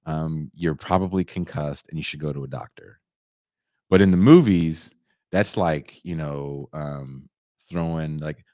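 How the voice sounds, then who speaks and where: A man in his forties casually reviewing a film, profane and animated, acting out the characters' lines. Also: sits low, no room sound, clean studio sound. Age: 40s. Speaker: podcast host reviewing a film.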